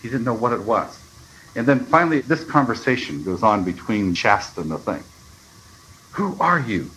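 A man's voice: lowish voice, a little fast, fairly bright tone, slight background noise, low-quality recording. A man reading a story aloud and giving reflective, earnest commentary as a Bible study teacher.

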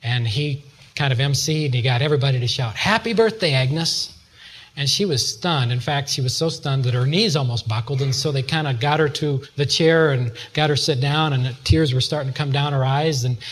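A man preaching a sermon, retelling a story and acting out the voices of its people. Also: medium pitch. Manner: acts out voices in a retold story, chuckles at times.

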